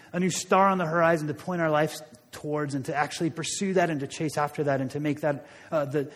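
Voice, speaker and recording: Higher-voiced man preaching in a reverberant hall. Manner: conversational storytelling, frequent restarts. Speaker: pastor. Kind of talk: sermon.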